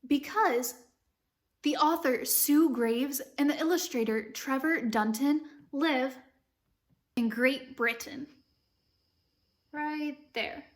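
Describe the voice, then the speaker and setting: A woman teacher from Ohio with an American accent, giving an animated children's read-aloud full of questions for the listener. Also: high voice, slow pace, pauses often. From Ohio, United States. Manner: animated, asks the listener questions, dips into a light British accent while reading.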